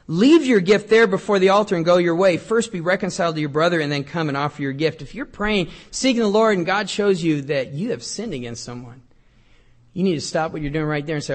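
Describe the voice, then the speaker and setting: A middle-aged male pastor preaching a sermon in a conversational, joking way, reading scripture aloud and swinging between loud and quiet. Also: on the high side, fast.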